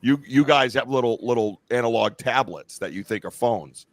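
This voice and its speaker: A man's voice: medium pitch, moderate pace, no echo. A middle-aged man hosting a live-stream podcast, chatting casually in a rambling, profane and enthusiastic way. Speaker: podcast host. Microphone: remote stream call.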